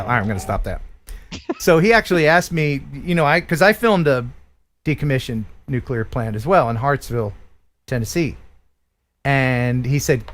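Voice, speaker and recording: A man's voice: medium pitch, lively intonation, a little slow, pauses often, soft background music. A man from the USA hosting a casual live stream chat, joking and restarting his sentences. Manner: chatty, joking, prone to restarts. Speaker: live stream show host.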